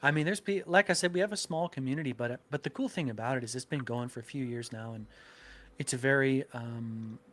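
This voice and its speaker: A man's voice: mid-range voice, brisk, fairly bright tone. A man who makes card games, chatting enthusiastically and joking as a guest. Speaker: game designer guest. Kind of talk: casual chat.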